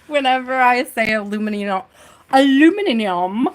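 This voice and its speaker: A woman's voice: mid-range voice, animated, measured pace. A woman hosting a live tarot stream who reads out card meanings, then chats loosely, laughs often and greets viewers by name. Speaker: tarot reader.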